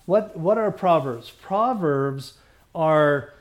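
A man's voice: a little high, a little slow, a little mellow. A man pastor leading a Bible study in a conversational way, often restarting and checking that the group follows him.

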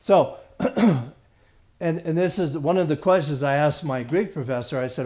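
Leading a Bible study, a man with a fairly high, darkish voice reads scripture at a slow pace. His delivery is halting, with repeated phrases, stumbles, and frequent throat-clearing.

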